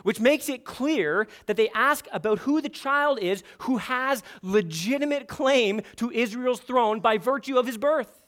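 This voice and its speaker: A man preaching an expository sermon, emphatic and building to forceful peaks. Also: extremely high pitch, unhurried. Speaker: pastor.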